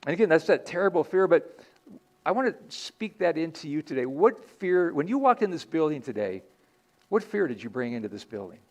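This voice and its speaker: A man's voice: fairly high pitch, sing-song, brisk. A man preaching a sermon in a church as pastor, earnest and conversational, often restarting his sentences.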